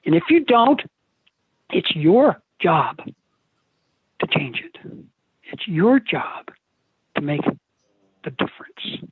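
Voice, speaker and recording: A man's voice: on the high side, sing-song, takes it slowly, pauses often, slightly rough, no room sound. An older man giving a live motivational seminar over a video call, telling stories in a folksy, joking way. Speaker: motivational speaker. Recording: tinny, dry video call audio.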